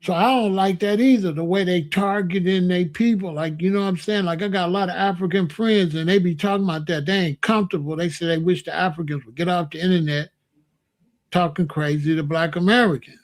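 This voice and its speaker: A Chicago commentator rants emphatically and repetitively in a monologue to camera, drawing out words for emphasis. His voice sits high with a steady tone and a slightly fast pace.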